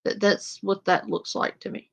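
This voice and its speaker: A woman's voice: mid-range voice, level tone, normal speed, gravelly, low-quality recording. A woman panel guest ranting in an exasperated, profane way in casual commentary.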